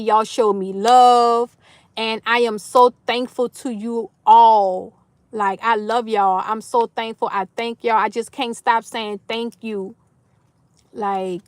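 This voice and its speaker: A woman's voice: a little high, fairly even intonation, slow, no room sound. A woman hosting a casual livestream, emotionally thanking her viewers by name and tearing up with joy. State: tearful. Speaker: livestream host.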